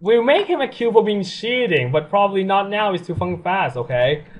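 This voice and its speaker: Excitable young man, lively high voice. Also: slight background noise. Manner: excitable, laughs often, swears freely. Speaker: let's play gamer. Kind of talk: casual game commentary.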